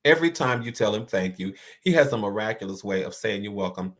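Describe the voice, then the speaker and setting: A man's voice: on the low side, animated, fast talker, fairly bright tone. A man hosting an inspirational talk, speaking earnestly and repeating key phrases for emphasis. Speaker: host.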